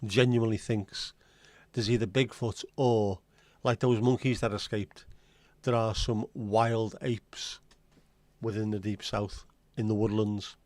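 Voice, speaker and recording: A man's voice: on the low side, flat delivery, unhurried, a little mellow, dry recording. Male host, rambling casual chat with viewers, dry close sound. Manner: rambling, chatty, answers chat comments aloud.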